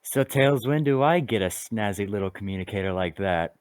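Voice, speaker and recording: A man's voice: lowish voice, lively intonation, a little fast, smooth, no room sound, voice pushed down, natural voice. A man voicing a sly, flirtatious female bat jewel thief in an amateur fan dub, with a teasing, confident manner.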